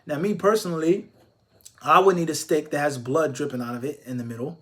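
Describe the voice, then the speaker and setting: Guy with a higher voice doing a live q&a, answers questions, throws a lot of rhetorical questions at you. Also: fairly bright tone. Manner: emphatic, stacking rhetorical questions; measured explaining with Arabic religious phrases. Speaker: Islamic scholar answering viewer questions.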